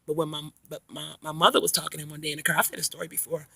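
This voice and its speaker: A woman's voice: deep voice, very fast, creaky, husky, dry recording. A middle-aged woman, a grandmother, chatting casually in a vlog and telling long, rambling stories full of slang. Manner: rambling, animated storytelling with slang. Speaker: vlogger. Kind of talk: casual chat.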